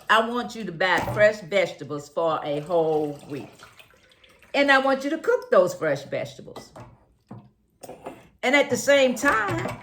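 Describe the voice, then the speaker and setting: A woman's voice: mid-range voice, sing-song, measured pace, long pauses, fairly bright tone, reverberant, a little hiss or hum, low-quality recording. A woman, chatting while juicing and exclaiming, repeating phrases like a preacher. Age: 70s. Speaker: health vlogger. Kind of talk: casual chat while juicing.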